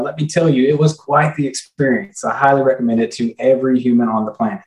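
Enthusiastic folksy man, echoey room. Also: mid-range voice. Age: middle-aged. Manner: enthusiastic, folksy, says "you know" often. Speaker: interview guest, astrophotographer. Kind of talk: casual conversation.

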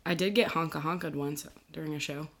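A woman's voice: low-pitched, brisk, creaky. A young adult woman, a singer, chatting as a podcast guest, giggly and saying "like" a lot. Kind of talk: casual chat.

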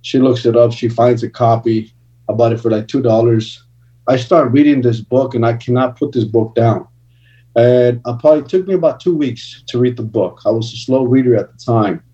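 A man's voice: medium pitch, normal speed, warm tone. A man giving a personal testimony as a guest minister, speaking in an earnest, conversational way with casual slang. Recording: distant, dull lo-fi recording.

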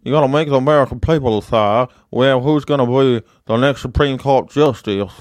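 A man's voice: mid-range voice, brisk, no room sound, natural voice. A man doing a slack-jawed Kentucky politician. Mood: folksy, mocking. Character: slack-jawed older male Southern politician.

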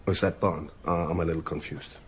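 A man's voice: deep voice, steady tone, fast, a little hiss or hum, lightly acted. An actor playing a politely confused man welcoming a new teacher in a sitcom clip.

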